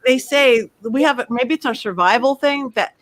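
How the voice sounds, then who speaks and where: A middle-aged woman on a panel, telling lively stories and acting out the quoted voices in them. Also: sits high, normal speed, a little hiss or hum. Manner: animated storyteller, acts out quotes. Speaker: medium, panel guest. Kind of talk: casual panel chat.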